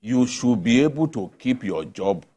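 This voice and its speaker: A man on a television panel giving firm opinions, often halting and restarting his sentences. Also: mid-range voice, lively intonation, mellow, breathy edge. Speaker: journalist panelist. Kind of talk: studio panel discussion. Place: television studio.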